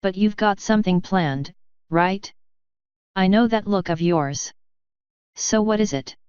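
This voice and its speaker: A woman's voice: medium pitch, a little slow, a little mellow, clean tone, no echo, muffled recording, lightly acted. A woman reading as a cheeky young female pony. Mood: playful. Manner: playful, cheeky.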